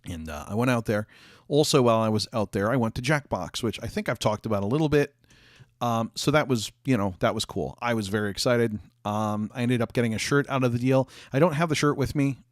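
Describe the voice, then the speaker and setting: A young man talks off the cuff to his livestream audience, wandering through his thoughts with plenty of ums and restarts. His voice sits at an ordinary middle pitch and sounds close and dry, with almost no room behind it. He is a little hoarse, coughing and hiccuping now and then. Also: fairly quick, dry recording. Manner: rambling, many fillers and restarts. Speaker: streamer chatting with viewers. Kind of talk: casual livestream chat. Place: office.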